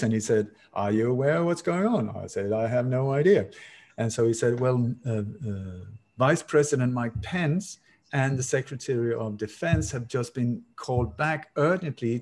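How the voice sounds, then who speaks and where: A man's voice: medium pitch, darkish tone. Emphatic, sarcastic man guest. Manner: emphatic, sarcastic, repeats words for effect. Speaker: interview guest. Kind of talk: animated storytelling in an interview.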